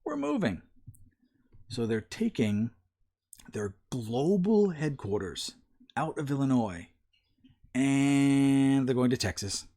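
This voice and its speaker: Male commentator, mid-pitched, folksy and emphatic, tells parables. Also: dark tone. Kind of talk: opinion commentary with a told parable.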